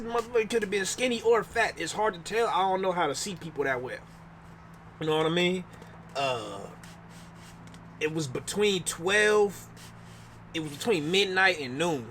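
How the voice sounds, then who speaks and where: Brief: male reaction host, high, bright, lively voice, slangy delivery, faint noise behind. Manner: slangy, excitable. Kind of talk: casual reaction commentary.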